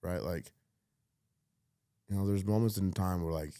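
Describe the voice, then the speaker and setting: A man's voice: sits low, a little slow, warm tone, no echo, studio quality. A man talking bluntly and emphatically as a guest in a casual podcast conversation, swearing freely.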